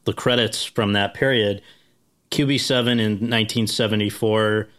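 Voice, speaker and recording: A man conducting an interview and asking measured questions that lead his guest back through past events. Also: fairly low pitch, fairly even intonation, fairly bright tone.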